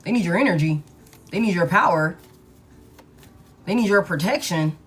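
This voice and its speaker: A woman's voice: on the low side, expressive, normal speed, breathy edge. A woman giving a casual tarot reading, talking bluntly and with profanity, and repeating key lines for emphasis. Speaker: tarot reader.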